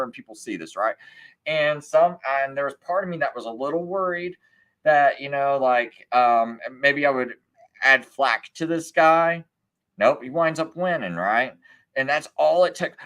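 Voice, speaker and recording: A man's voice: a little high, sharp tone. Sarcastic ranting man. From United States. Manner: sarcastic, mocking, scornful. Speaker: livestream host. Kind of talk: casual ranting monologue.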